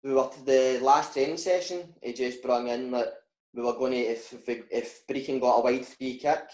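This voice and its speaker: A Scottish footballer telling pub stories in casual chat, animated and laughing, with lots of "mate" and "right". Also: male voice, medium pitch, moderate pace, echoey room. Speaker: footballer guest.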